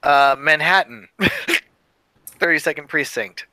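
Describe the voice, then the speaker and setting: A man playing a weary, reflective male police detective in a tabletop role-play. He talks in a thoughtful, halting way, with many fillers. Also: a little high, background noise. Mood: musing. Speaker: tabletop game player.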